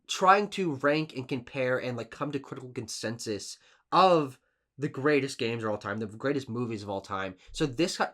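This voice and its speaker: A man co-hosting a casual gaming podcast, talking emphatically with frequent restarts. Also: mid-range voice. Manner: emphatic, animated list-giving with restarts. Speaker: podcast co-host.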